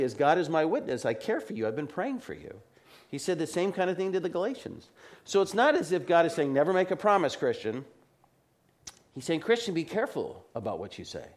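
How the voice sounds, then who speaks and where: A man preaching an earnest expository sermon, reading scripture slowly and carefully. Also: on the high side, a little mellow. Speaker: pastor.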